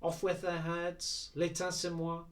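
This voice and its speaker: A wry, bantering grown man, as a male reader plays him, asking questions with light mockery. The voice is a little higher than average for a man and heard from slightly off the mic. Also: a little fast, recorded from a distance, close to an everyday voice. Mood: teasing. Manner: bantering, gently teasing.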